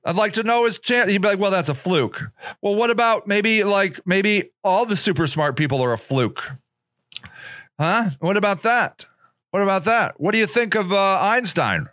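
A man with a high, bright voice rants through a solo podcast monologue. He is sarcastic and profane, dropping into mocking voices, and his voice sounds dry and close. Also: moderate pace, no echo. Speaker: podcast host. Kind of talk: opinionated monologue.

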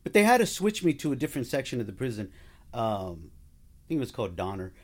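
A man's voice: mid-range voice, very animated, fast, a little mellow. A man as a podcast guest, telling a personal story in casual conversation, acting out what people said and laughing along the way.

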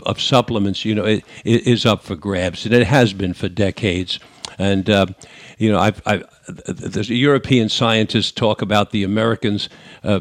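An older man with a New York accent hosts a radio call-in show. He talks in a loose, conversational way, full of fillers and false starts. His voice sits on the low side and sounds dry and close to the mic. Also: no room sound. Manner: conversational, with many fillers and restarts. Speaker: radio talk show host. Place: radio studio.

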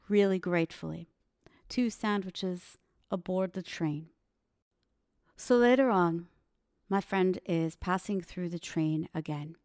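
With a lowish, dark, resonant voice, a woman hosts a podcast and shares a story earnestly and reflectively. She addresses the listener directly, and the clean studio recording has no room sound.

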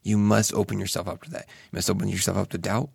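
A man's voice: low-pitched, steady tone, quick pace, creaky, darkish tone, slightly rough, no room sound, studio quality. A young man giving an earnest, reflective monologue, musing aloud with casual swearing and frequent restarts. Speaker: solo speaker.

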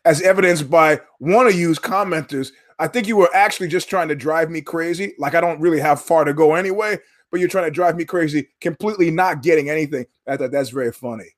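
High-voiced, sardonic male podcast host. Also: a little fast, few pauses. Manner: profane, digressive, sardonic storyteller. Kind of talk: rambling solo commentary.

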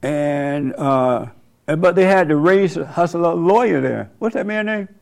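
A man with a somewhat high and gravelly voice hosts a loose spoken monologue. He drawls colloquial phrases, drifts from story into preaching, and keeps breaking into laughs at his own remarks. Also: unhurried, darkish tone.

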